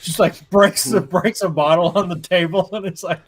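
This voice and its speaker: A man in casual chat about a book, animated, swearing casually and laughing mid-sentence. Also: sits high, moderate pace. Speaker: book discussion guest.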